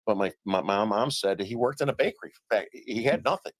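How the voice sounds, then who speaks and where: A middle-aged man on a live stream telling stories about his reporting in a casual, animated way, acting out what others said. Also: on the low side, fast talker, no echo. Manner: animated storyteller, acts out quoted dialogue. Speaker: citizen journalist guest. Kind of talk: casual remote interview.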